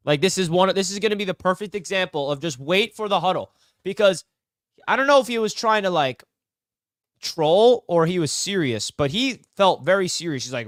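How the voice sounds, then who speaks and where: A man's voice: sits high, animated, normal speed, no room sound, studio quality. A young man hosting a live sports talk stream, fired up and emphatic as he banters with fans. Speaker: sports channel host.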